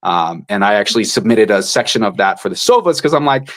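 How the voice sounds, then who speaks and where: A man who narrates audiobooks, chatting casually in an interview and sometimes dropping into quick character voices. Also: lowish voice, expressive.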